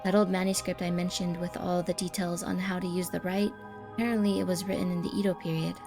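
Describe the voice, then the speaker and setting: A woman's voice: fairly low pitch, level tone, fast talker, music in the background, natural voice. A woman reading the lines of an eager young occult enthusiast in a game, explaining persuasively. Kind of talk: reading game dialogue aloud.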